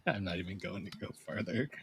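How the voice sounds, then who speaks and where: A man co-hosting a podcast in casual chat, laid-back with dry, deadpan teasing. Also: low voice, breathy edge, no room sound. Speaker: podcast co-host. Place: podcast studio.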